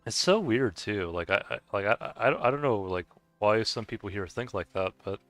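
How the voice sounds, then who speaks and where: Male streamer, low, smooth and clear voice, dry close sound, rambling chatter full of stammered restarts. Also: animated, moderate pace, a bit bright, no room sound, faint music behind. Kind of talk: casual chat with viewers while gaming.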